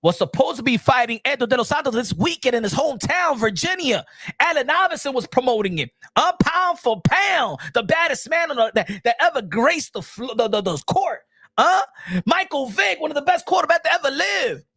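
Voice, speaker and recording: A man hosting a boxing livestream, excitable and repetitive, dropping in Spanish phrases. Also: very high-pitched, brisk, husky, no echo. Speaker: boxing show host.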